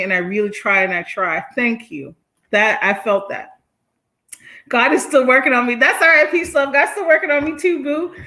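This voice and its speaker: A woman hosting a casual live stream, reading viewer comments aloud, blunt and animated, often laughing and swearing. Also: fairly high pitch. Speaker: livestream host reading chat comments.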